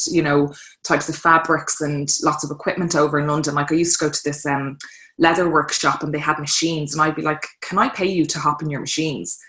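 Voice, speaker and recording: Recorded with a roomy sound, this low-voiced woman from Ireland is a fashion designer in her thirties, a guest in a relaxed interview. She spins lively stories and performs the quotes in voices as she goes.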